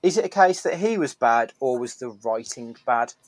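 A man's voice: medium pitch, lively intonation, normal speed, no echo, poor audio. Male host, outspoken and profane, dead-dry recording. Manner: blunt, profane, opinionated. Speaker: podcast host. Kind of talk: casual chat.

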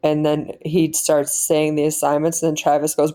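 A woman with a low, mellow voice co-hosting a relaxed podcast chat. She retells moments in long, loosely joined runs of thought. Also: normal speed. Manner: rambling, loosely strung retellings. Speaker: podcast co-host. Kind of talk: casual chat reviewing a TV episode.

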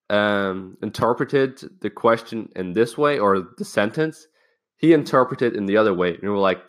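A man's voice: lowish voice, a bit bright. A young man hosting a casual self-help talk, rambling and swearing as he tells a school story and acts out the people in it. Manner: rambling, swears freely, acts out quoted lines. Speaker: podcast host.

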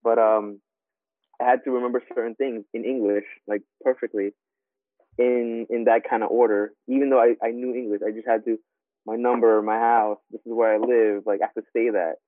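A man's voice: mid-range voice, flat delivery, moderate pace, no echo. A man from New York in casual podcast chat, talking loosely with many filler words and restarts. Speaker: podcast co-host. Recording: tinny phone-like sound.

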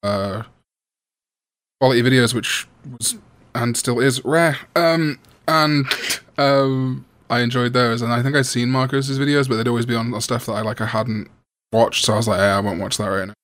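A man's voice: medium pitch, fairly even intonation, normal speed, fairly bright tone, dry recording. A man with a Welsh accent, hosting a casual podcast chat and joking with his guests. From Wales. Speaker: podcast host.

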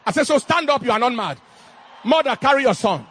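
A middle-aged man preaching a fervent sermon in King James cadence, rising into shouted bursts. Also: extremely high pitch, expressive, fairly quick, a little hiss or hum.

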